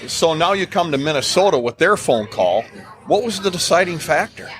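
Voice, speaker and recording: A man's voice: fairly high pitch, animated, normal speed, a bit bright. A man co-hosting a hockey podcast interview, asking questions and reacting briefly. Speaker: podcast co-host. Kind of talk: casual interview chat.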